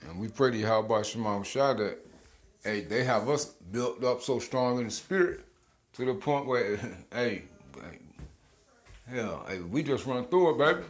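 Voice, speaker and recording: Male bible teacher, informal video sermon, emphatic and slangy, average pitch. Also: lively intonation, measured pace. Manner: emphatic, slangy, chuckling, repeats words.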